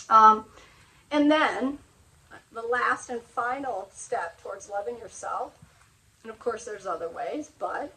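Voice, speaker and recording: A woman's voice: on the high side, fairly bright tone, low-quality recording. A middle-aged woman hosting a motivational talk, speaking earnestly and sharing personal stories in a confiding way. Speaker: host.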